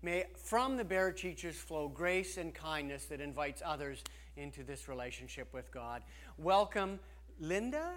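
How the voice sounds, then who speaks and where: A man's voice: on the high side, lively intonation, unhurried, fairly bright tone. A man preaching a sermon as pastor, talking earnestly and conversationally, often restarting his sentences.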